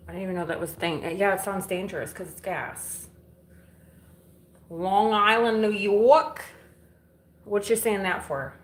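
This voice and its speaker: A woman from Illinois live-streams from her home kitchen and living room with the windows open, doing chores while bluntly answering viewers' comments and swearing now and then. Her mid-range voice is fairly even in intonation, measured, with long pauses, and the audio sounds roomy with faint background noise.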